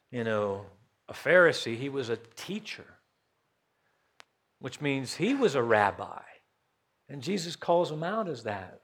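Animated pastor preaching slowly. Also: male voice, a little high. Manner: folksy, questioning the congregation, rising to loud emphasis. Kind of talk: sermon.

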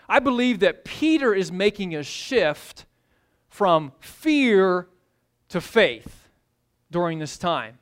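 A woman preaching a sermon, retelling the story in an animated way and repeating words for emphasis. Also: on the low side, slow.

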